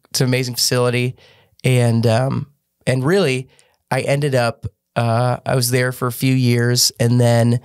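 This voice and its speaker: A man recounts his athletic past in an earnest, unhurried way as a guest on a podcast. His delivery stays even and level, with little rise and fall. Many of his sentences restart partway through. The sound is close and dry, with no room echo. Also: mid-range voice. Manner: earnest, with frequent restarts and fillers. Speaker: podcast guest, former gymnast turned business owner. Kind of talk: casual storytelling interview.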